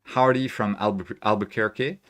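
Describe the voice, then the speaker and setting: A man's voice: on the low side, fairly even intonation, moderate pace, fairly bright tone. A man hosting a casual live stream, chatting loosely and reading viewer messages aloud from home, with lots of fillers and restarts. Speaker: astrophotography livestream host. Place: home room with equipment.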